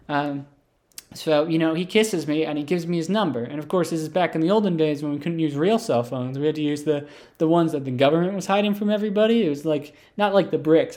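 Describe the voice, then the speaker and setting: A man telling an absurd comic story in a rambling, deadpan way, full of asides and fillers. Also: fairly high pitch. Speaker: comedic storyteller. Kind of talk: improvised comic monologue.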